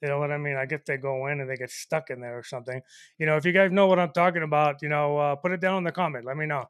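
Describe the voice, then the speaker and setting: A man's voice: a little high, racing, a bit bright, smooth, no echo, studio quality. Rambling man telling a comic story. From El Paso, Texas, US. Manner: rambling, full of "you know" fillers. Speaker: podcast co-host. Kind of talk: casual comedic storytelling.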